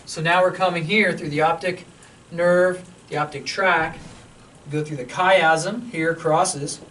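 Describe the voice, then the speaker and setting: A male university lecturer explains things in a relaxed, joking way and keeps checking in with the class. His voice sits a bit high and comes from a distance across a lecture hall. There is a faint hum behind him. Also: slow. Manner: casual, joking, checks in with students.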